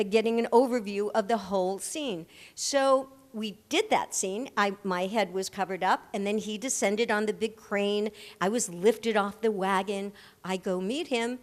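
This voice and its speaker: An older woman, an actress, telling lively anecdotes as the guest in a live stage interview, acting out the people she quotes. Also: medium pitch, long reverb tail. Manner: animated anecdote-teller who acts out the people she quotes. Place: large hall at a live audience event.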